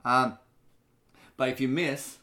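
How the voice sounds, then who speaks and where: A man from Australia with an Australian accent, a bartender guest chatting casually on a podcast in an easygoing way, pausing on fillers. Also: mid-range voice, fairly even intonation, bright, forceful tone.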